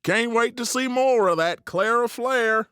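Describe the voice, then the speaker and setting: A man's voice: very high voice, measured pace, sharp tone, slight background noise, exaggerated voice. A man playing a pushy, enthusiastic bar owner in an audio drama. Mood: eager. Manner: enthusiastic, salesmanlike. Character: showbiz bar owner Mark, pushy and upbeat.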